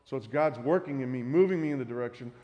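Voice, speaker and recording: A man's voice: mid-range voice, fast talker, dull audio. Man preaching a sermon in a hall. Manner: reads scripture aloud, then teaches. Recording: reverberant hall.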